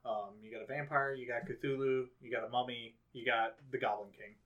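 Laid-back male guest with a bright voice. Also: medium pitch, steady tone, a little fast, far from the mic, highs cut off. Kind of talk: casual chat.

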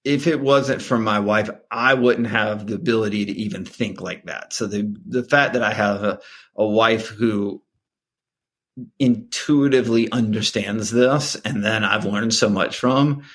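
A middle-aged man, a guest on a podcast, telling a family story in casual talk and acting out the voices in it. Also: a little slow. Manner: animated, acts out dialogue with sharp pitch jumps.

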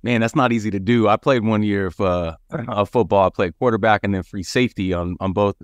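A lower-voiced man hosts a podcast, asking questions in a friendly, relaxed way with a few fillers and restarts. His voice sits close to the mic with no echo around it. He sounds like a fan talking with his guest. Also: a little fast. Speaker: podcast host. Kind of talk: casual interview questions.

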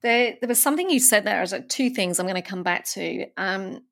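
A woman hosting a podcast, asking reflective, measured questions and sharing her own experience. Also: medium pitch, lively intonation, gravelly, fairly bright tone. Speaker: podcast host. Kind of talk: casual interview.

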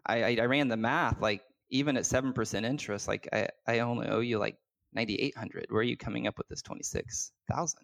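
Here a guest business coach shares a heartfelt personal story in conversation, candid and earnest, with plenty of fillers and false starts. His mid-range voice is gravelly and fairly bright, steady in tone and quick in pace.

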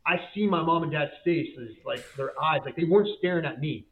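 A man's voice: fairly high pitch, fairly quick. A man giving a fervent faith testimony as a guest, in casual slang with frequent repeats and restarts. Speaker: guest, business owner. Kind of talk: emotional faith testimony storytelling. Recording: tinny phone-like line.

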